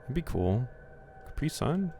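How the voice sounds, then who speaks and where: A man's voice: mid-range voice, big pitch swings, a little slow, over loud music. A young man live-streaming a game, chatting casually with his viewers in a rambling, jokey way, swearing and reading game text aloud. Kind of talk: casual live-stream chat while gaming.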